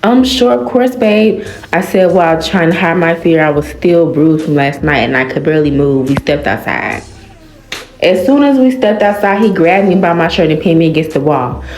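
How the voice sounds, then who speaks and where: A woman casually reading a fan-fiction story aloud, jumping her pitch for the dialogue and breaking off to react. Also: moderate pace, darkish tone, slight background noise. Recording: roomy echo with faint music.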